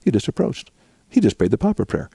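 Older male guest, low gravelly voice, husky and dark, dry close sound. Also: very animated, fast, no echo. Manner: storytelling, acting out dialogue. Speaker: guest, psychologist. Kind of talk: interview.

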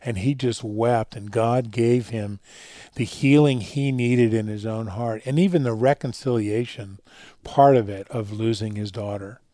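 A man speaking as a guest in a radio interview, telling stories earnestly and dropping quiet for the emotional parts. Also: medium pitch, fairly even intonation, unhurried, no room sound, studio quality. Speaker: guest speaker on fatherhood and faith.

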